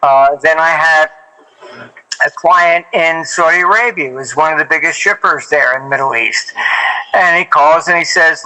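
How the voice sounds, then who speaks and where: A man's voice: on the high side, normal speed, bright, forceful tone, rough recording. An older man, a former hedge fund manager, telling anecdotes as an interview guest in a rambling, casual way with many fillers and restarts.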